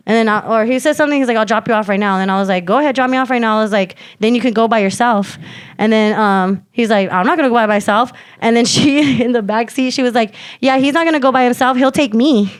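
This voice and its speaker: A woman's voice: mid-range voice, clean tone, dry recording. A young woman and podcast co-host telling a story in casual slangy chat, acting out quotes and using lots of fillers. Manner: animated, slangy, many fillers, acts out quotes.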